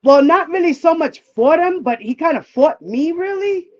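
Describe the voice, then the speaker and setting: A woman's voice: extremely high pitch, animated, moderate pace, a little mellow, lo-fi sound. A woman telling a personal story in a casual, candid and profane way, often acting out what people said. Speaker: livestream guest.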